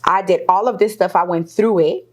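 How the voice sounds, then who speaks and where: A woman's voice: fairly low pitch, a little fast. A middle-aged woman, a guest in an interview, telling her own story with candid energy, laughing often. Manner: animated, laughs often, acts out quoted voices.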